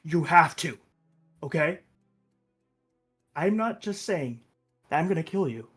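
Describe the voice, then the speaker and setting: A brutish father bellows threats, his voice pushed loud and hard, as a man puts him on. Faint music plays underneath. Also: fairly high pitch, expressive, takes it slowly, breathy edge, voice pushed up, full character voice. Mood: threatening.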